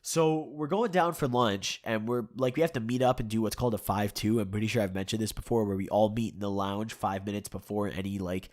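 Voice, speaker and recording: A man's voice: lowish voice, fairly even intonation, a little fast, few pauses, a little mellow. Young male YouTuber, congested and a bit sore-throated, casual profane storytime. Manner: profane, rambling, chuckles often. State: stuffed-up nose and sore throat.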